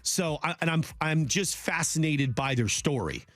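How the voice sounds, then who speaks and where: A man hosting a sports radio talk show, rambling and joking in a loose, animated way. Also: on the high side, moderate pace. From Polish heritage.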